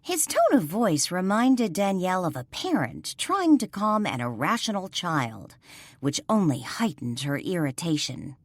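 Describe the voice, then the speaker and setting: A woman narrating an audiobook in an even storytelling delivery. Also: on the low side, unhurried, no echo. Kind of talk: scripted narration.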